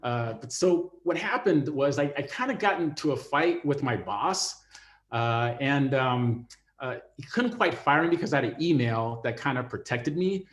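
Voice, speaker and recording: A man's voice: mid-range voice, animated, moderate pace. A middle-aged man, a TV writer, telling a personal story with many fillers and restarts. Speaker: TV writer and former network executive.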